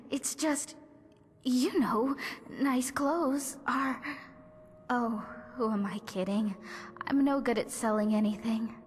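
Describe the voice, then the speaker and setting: An actress voicing a flustered, self-deprecating townswoman in a video game who rambles and trips over her words. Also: high-pitched. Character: anxious married townswoman, floor sweeper, bitter and self-deprecating. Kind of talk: video game character dialogue. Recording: game audio with long reverb and faint music.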